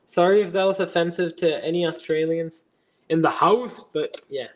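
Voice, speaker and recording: A young man hosts a casual livestream while building, chatting and rambling as he reads viewers' messages aloud and answers them. His voice is fairly high and his pace moderate, with a little hiss or hum in the recording.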